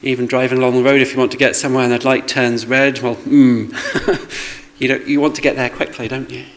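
A man's voice: mid-range voice, level tone, fairly quick, rough recording. A man preaching a sermon in a conversational way, with rhetorical questions and asides to the congregation.

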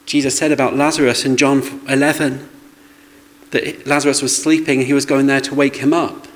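A man's voice: mid-range voice, little pitch movement, fairly quick, low-quality recording. A man preaching a sermon in a conversational way, with rhetorical questions and asides to the congregation.

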